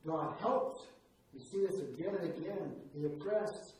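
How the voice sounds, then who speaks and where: A man preaching a sermon in an earnest way, moving between hushed and emphatic delivery. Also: on the high side, a little slow. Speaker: pastor. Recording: echoey room, voice from far off, faint noise.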